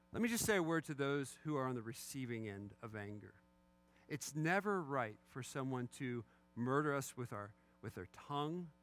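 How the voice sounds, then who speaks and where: Middle-aged male pastor, conversational sermon delivery, average pitch, light self-deprecating humor. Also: fairly bright tone.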